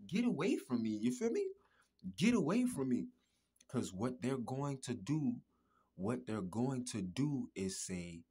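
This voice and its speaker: A man talking in a casual podcast monologue, emphatic, repetitive and profane, with a husky voice. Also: fairly high pitch, darkish tone. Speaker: podcast host.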